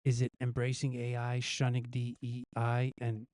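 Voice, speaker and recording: Male live-stream host, dark mellow tone, dry close sound, playful quiz reader. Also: medium pitch, monotone, normal speed, no room sound. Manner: jokey, reads quiz questions aloud and guesses the answers himself; chuckles at his own gag answers. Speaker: news show host.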